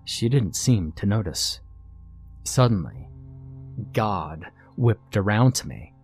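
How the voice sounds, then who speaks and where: A man narrating a first-person horror story in a tense, measured, scripted way. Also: lowish voice, sing-song, a little mellow, soft background music.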